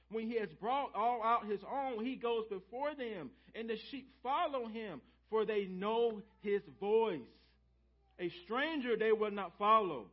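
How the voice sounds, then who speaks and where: A man's voice: sits high, highs cut off. A male pastor preaching a sermon to his church, calling out to the congregation and repeating key phrases for emphasis. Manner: preaching with call-and-response and repetition. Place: church sanctuary.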